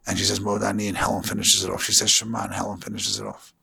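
Raspy rabbi guy, gravelly low voice, earnest sermon story. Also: monotone, fast, sharp tone. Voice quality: gravelly, husky. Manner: earnest storytelling with Yiddish and Hebrew terms.

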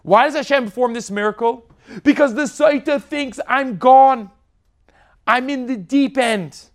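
High-pitched gravelly man preaching. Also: unhurried. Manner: impassioned preaching, shifting between soft and forceful. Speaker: rabbi. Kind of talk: sermon.

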